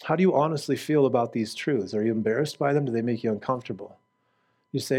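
A man preaching a fervent sermon to a live congregation. He keeps asking the crowd direct questions and climbs to loud, emphatic peaks. Then he falls to a quiet, low voice for the closing prayer. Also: expressive, fairly quick, slightly rough. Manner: asks the audience direct questions.

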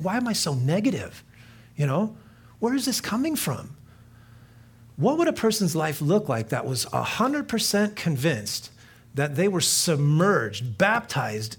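A pastor preaching a sermon in a conversational way, rising to earnest emphasis and dropping to quiet reflection. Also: male voice, on the high side, husky. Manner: conversational, with many fillers and restarts.

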